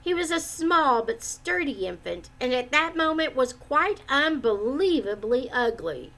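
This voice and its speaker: A woman reading a children's book aloud in an expressive, measured way. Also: high voice. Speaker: storyteller.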